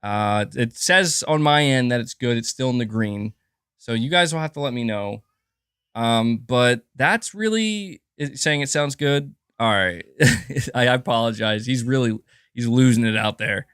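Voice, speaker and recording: A man's voice: mid-range voice, animated, unhurried, fairly bright tone, smooth, no echo, clean studio sound. A man talking casually on a live stream from home into a desk mic, rambling and emphatic and often restarting his sentences. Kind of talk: casual livestream monologue. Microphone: desk mic with adjustable gain.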